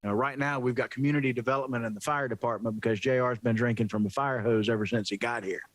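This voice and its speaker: A man's voice: mid-range voice, steady tone, quick pace, dry recording. A man on a city council giving polite, friendly remarks and motions at a meeting.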